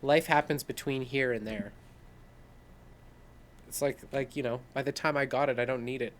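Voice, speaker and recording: A male podcast co-host with a mid-range voice talks at normal speed in casual conversation, swearing freely and telling animated stories punctuated by laughs.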